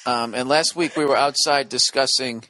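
A man's voice: medium pitch, normal speed, pushed and bright, dry recording. A middle-aged man hosting a comedy podcast, reading out listener letters and ranting in a profane, exasperated way.

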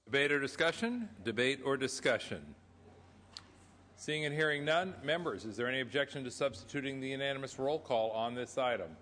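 A man presiding over a senate floor session, running the procedure in brisk, formulaic phrases. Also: medium pitch, a bit bright. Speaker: presiding officer of a state senate. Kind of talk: formal parliamentary procedure. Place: large legislative chamber. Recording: chamber broadcast with long reverb.

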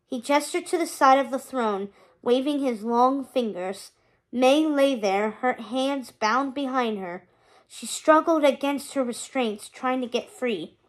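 A woman's voice: high voice, a little slow. A woman narrating a children's chapter book aloud, reading steadily.

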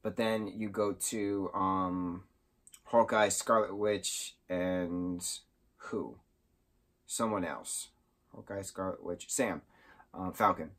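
A man giving a casual, excitable spoken recap of a film, rambling and sometimes losing his train of thought. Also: low-pitched, slow pace. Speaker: movie reviewer.

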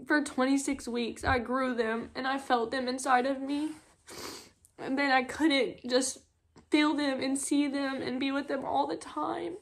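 A young woman, telling her own story at home as a mother vlogger, tearful and halting, with many filler words. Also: sits high, steady tone, vocal fry. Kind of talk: emotional personal storytelling. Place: at home on a couch.

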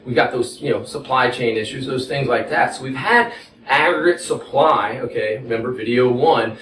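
A man's voice: medium pitch, moderate pace, a bit bright, reverberant, distant mic, a little hiss or hum, low-quality recording. A man with a Texas accent teaching economics at a whiteboard, folksy and conversational, often checking in with "okay?". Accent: Texan. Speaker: economics instructor. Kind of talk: whiteboard lecture.

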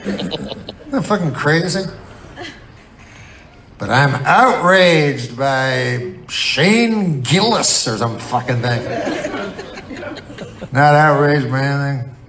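A man performing a stand-up comedy set in a large venue, deadpan, rambling and profane. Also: a little high, slow pace, pauses often. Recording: audience recording with loud crowd and noise. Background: crowd laughter.

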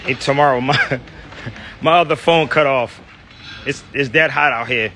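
A man's voice: mid-range voice, moderate pace, bright, forceful tone, a little hiss or hum. Slangy American man vlogging on the street. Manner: loose, slangy, chatty. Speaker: travel vlogger. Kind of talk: casual street vlog. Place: outdoors on a city street. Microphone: phone camera.

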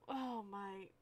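A woman streamer giving casual commentary while playing a game, exasperated and profane, with frequent sighs. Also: mid-range voice.

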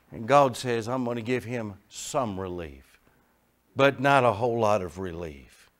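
A middle-aged man preaching a sermon, telling folksy stories and moving between quiet asides and loud emphasis. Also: fairly low pitch, lively intonation, measured pace. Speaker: pastor. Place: church sanctuary.

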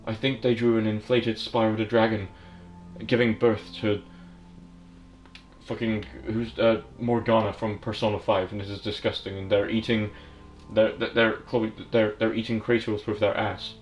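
A man's voice: on the low side, level tone, moderate pace, soft background music. A man giving crude, rambling comedic commentary on a game, laughing often. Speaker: gaming channel host.

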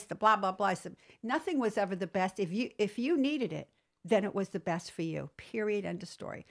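Gravelly woman telling business stories. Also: mid-range voice, brisk. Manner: animated storyteller, acts out quoted dialogue. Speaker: entrepreneur guest; business trainer. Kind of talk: storytelling interview.

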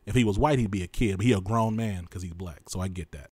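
A man hosting a solo podcast, talking with passion and frustration, repeating his points for emphasis and swinging between loud stress and tired, quiet drops. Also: low voice, fast, husky, no room sound, studio quality. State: exhausted and frustrated. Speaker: podcast host.

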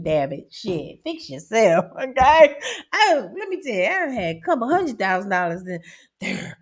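A woman's voice: medium pitch, big pitch swings, moderate pace. A woman, hosting a casual monologue in a blunt, profane, emphatic way and laughing often. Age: 50s. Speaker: host.

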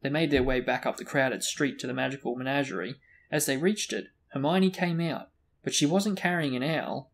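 A man's voice: medium pitch, moderate pace. A man reading a fantasy novel aloud as host of a book discussion. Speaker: reader and host.

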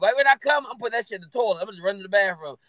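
A man co-hosting a casual comedy chat, joking loudly and crudely. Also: high voice, racing, no echo. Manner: loud, crude, animated joking. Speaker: co-host.

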